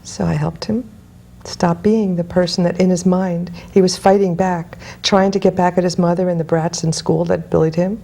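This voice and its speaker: A woman's voice: lowish voice, little pitch movement, moderate pace, vocal fry, hardly any pauses, warm tone. A woman guest hypnotist in an interview, telling client stories bluntly and emphatically. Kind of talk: interview storytelling.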